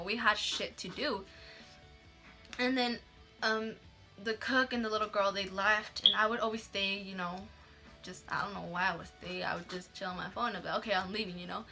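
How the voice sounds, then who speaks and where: Bright-voiced young woman telling a story. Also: mid-range voice. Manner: casual and chatty, swears freely, says "like" constantly; mixes in Spanish words. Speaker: vlogger. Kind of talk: casual storytime vlog.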